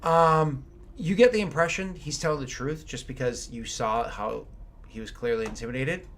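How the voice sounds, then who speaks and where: A man's voice: mid-range voice, normal speed, a bit bright, slight background noise. A man running a tabletop game as game master, narrating in an easygoing, meandering way.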